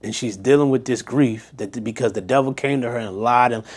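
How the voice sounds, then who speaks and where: A man with a mid-pitched voice reads old scripture aloud in an ordinary speaking tone. He keeps cutting in with loose, slangy asides and rhetorical questions to his listeners, like a relaxed Bible study leader. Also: a little fast, slightly rough. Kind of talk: scripture reading with casual commentary.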